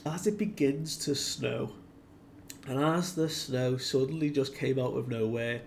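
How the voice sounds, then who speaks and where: A man's voice: mid-range voice, a little mellow, a little hiss or hum. A man giving casual commentary as a manga reviewer, retelling scenes animatedly and acting out the quotes.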